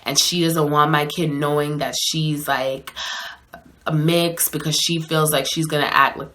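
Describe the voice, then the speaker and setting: A pushy, clingy young soldier, quoted by a woman in her storytime. The voice is low and bright, delivered plainly, as part of the story rather than acted out. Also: flat delivery, a little slow. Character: persistent, clingy young military man.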